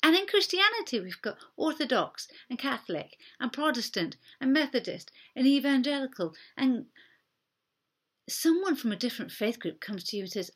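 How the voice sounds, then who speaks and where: A woman's voice: sits high, sing-song, normal speed, breathy edge. A woman pastor giving a sermon in an earnest, conversational way, acting out short quoted exchanges.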